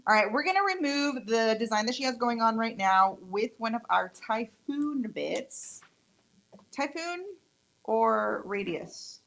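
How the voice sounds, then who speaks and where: A woman's voice: on the high side, sing-song, unhurried, gravelly, a bit bright, rough recording. A woman with a Mexican accent, whose first language is Spanish, chatting and joking while she demonstrates nail tools live. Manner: chatty, joking, playful asides. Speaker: nail tech demonstrating products. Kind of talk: casual live product demo.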